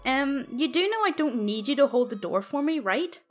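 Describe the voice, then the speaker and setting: A woman's voice: sits high, lively intonation, normal speed, faint music behind. A woman voicing an indignant young female student who snaps defensively. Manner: sharp, defensive.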